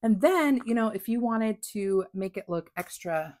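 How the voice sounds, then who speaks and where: A woman chatting through a craft unboxing, gushing with excitement and dropping to whispers. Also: medium pitch, a little slow, slight background noise. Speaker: crafting vlogger. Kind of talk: casual unboxing chat.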